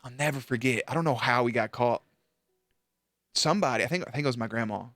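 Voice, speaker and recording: A man's voice: mid-range voice, fast talker, dry recording, studio quality. Profane young man streamer telling stories. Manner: profane, laughing, animated. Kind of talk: casual storytelling to chat.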